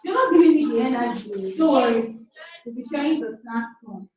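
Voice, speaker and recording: High-pitched woman hyping up a crowd of students, far from the mic, big echo. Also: brisk, lo-fi sound. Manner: energetic call-and-response, coaxing. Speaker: workshop facilitator. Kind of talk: leading a group declaration.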